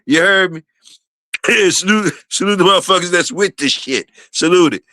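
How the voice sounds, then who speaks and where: A man hosting a casual livestream, shouting out viewers and repeating his phrases. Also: high-pitched, moderate pace, dry recording, clean studio sound. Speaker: livestream host.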